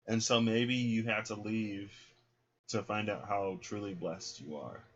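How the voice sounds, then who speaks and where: A man's voice: fairly low pitch, fairly even intonation, measured pace, dull audio. A man giving a casual, chatty tarot reading, full of fillers and acted-out quotes. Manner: chatty, filler-heavy, acts out voices in quotes. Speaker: tarot reader.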